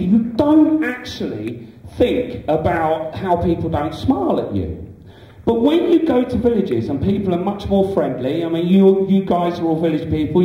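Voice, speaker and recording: Young man, stand-up set, rambling chatty delivery, lively pitch, mellow tone, very echoey club, far from the camera. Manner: chatty, rambling, full of "you know" fillers. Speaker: stand-up comedian. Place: small indoor comedy club stage.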